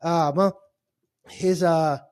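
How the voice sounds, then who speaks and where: A man's voice: a little high, fairly even intonation, very slow, a little mellow, no room sound, studio quality. A man co-hosting a podcast, telling a long travel story in a rambling, wry, exasperated way. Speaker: podcast co-host. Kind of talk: casual chat.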